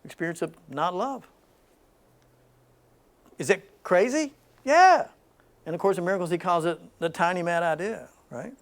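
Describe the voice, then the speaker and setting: A man leading a small spiritual gathering, moving between loud emphatic lines and soft hushed ones, with frequent laughs. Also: sits high, expressive, normal speed. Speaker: spiritual group leader. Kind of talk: spiritual talk to a small group.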